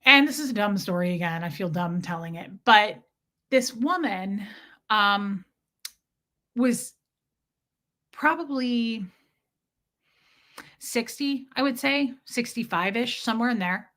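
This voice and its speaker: A woman's voice: mid-range voice, pushed and bright. A woman hosting a casual podcast, telling a story with indignation, swearing freely and addressing her listeners. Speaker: podcast host.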